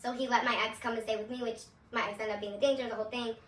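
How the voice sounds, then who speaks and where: Young woman, high voice, candid testimony storytelling, swears and laughs a lot, roomy echo, sits back from the mic. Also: fairly even intonation, racing, distant mic. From Seattle, USA. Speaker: vlogger. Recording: echoey room, voice away from the mic.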